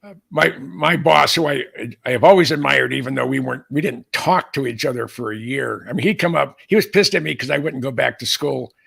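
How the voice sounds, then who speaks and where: A man's voice: mid-range voice, brisk, gravelly, fairly bright tone, breathy edge. An older man from the San Francisco Bay Area, co-hosting a casual chat and telling rambling stories with many restarts. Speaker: co-host, aviation author.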